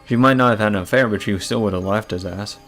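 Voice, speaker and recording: A man with a low, gravelly voice giving casual, blunt let's-play commentary, swearing freely. Faint music plays behind him. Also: quick pace, fairly bright tone. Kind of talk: casual commentary on a visual novel.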